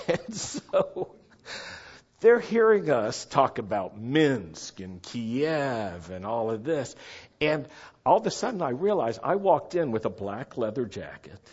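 Husky-voiced middle-aged man telling stories. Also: medium pitch, slow pace. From United States. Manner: animated, chatty, asks listeners to follow along. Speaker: storyteller. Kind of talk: casual anecdotal storytelling. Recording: dull lo-fi recording.

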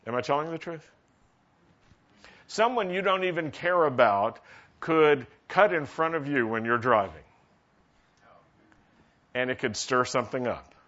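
Man, pastor, preaching, questions to the congregation, bright voice, dull lo-fi recording. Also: mid-range voice, animated, measured pace, pauses often. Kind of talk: sermon.

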